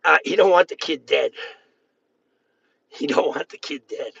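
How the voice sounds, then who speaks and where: Raspy, gravelly man. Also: measured pace, no echo. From Boston area. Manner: profane, erratic, swings between yelling and low muttering. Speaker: livestreamer. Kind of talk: angry livestream rant. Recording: dull lo-fi sound.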